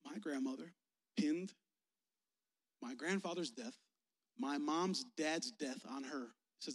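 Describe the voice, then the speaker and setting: A youth pastor with a high-pitched man's voice preaches candidly to his congregation. His talk is personal and emotional, and he often speaks straight to the crowd. It rings with the long reverb of a church hall. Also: slow, long pauses. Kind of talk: personal, conversational sermon.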